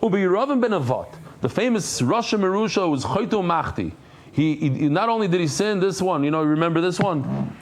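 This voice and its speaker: A man's voice: sits high, brisk. A man teaching a Talmud class, telling stories with acted-out voices and Hebrew and Yiddish terms. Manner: animated storytelling, acts out characters, mixes Hebrew and Yiddish terms. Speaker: Daf Yomi teacher.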